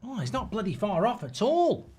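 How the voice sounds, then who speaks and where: A man hosting a live football watchalong, chatty and excitable, swearing often. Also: high voice, normal speed, slightly rough. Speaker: host.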